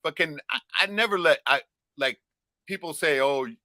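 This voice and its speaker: Male podcast co-host from Alaska, bright higher voice, profane rambling tales. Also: normal speed, dry recording. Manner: profane, rambling storyteller with loud acted-out shouts. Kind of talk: casual podcast chat.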